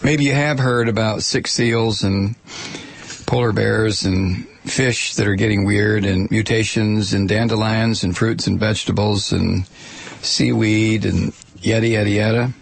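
A man's voice: lowish voice, fairly even intonation, measured pace, gravelly, slightly rough. A man giving an informal spoken commentary, wry and sardonic, with offhand asides.

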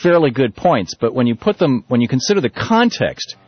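On a muffled, lo-fi radio broadcast, a man hosts a political talk show in a husky, medium-pitched voice at a fairly quick pace. His delivery is loose and animated, full of restarts and fillers.

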